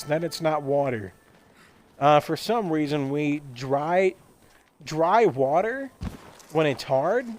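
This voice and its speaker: A young man talks while he plays a game, rambling through a silly monologue. He stammers and repeats words as he goes. His voice sits a little high, with faint music in the background. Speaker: gaming streamer.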